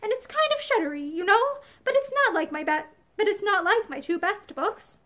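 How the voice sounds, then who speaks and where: A woman's voice: extremely high pitch, expressive, normal speed, fairly bright tone. A woman reading aloud as a grave, bookish little country girl who answers with prim dignity. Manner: solemn, prim, a bit testy.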